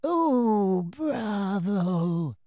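A man voicing a frail, enthusiastic elderly male wizard examiner, slow and quavering. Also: sits high, big pitch swings, mellow, dry recording, pitched above the performer's own voice, full character voice. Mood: delighted.

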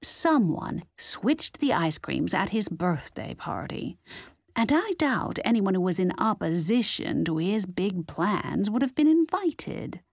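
A woman's voice: medium pitch, very animated, slow pace, creaky, no echo, clean studio sound, full character voice. Woman voicing a blunt older grandmother sleuth.

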